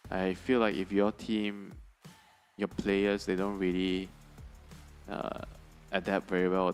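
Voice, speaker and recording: A man working as an esports analyst on a broadcast desk, talking in a measured way and thinking aloud with fillers. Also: deep voice, gravelly.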